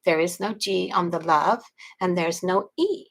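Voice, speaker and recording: Speaking a little slowly with a gravelly Texan accent, a middle-aged woman from South Texas chats casually on a live stream as an online marketing promoter. She greets viewers and folksily pitches a webinar, and the recording sounds rough.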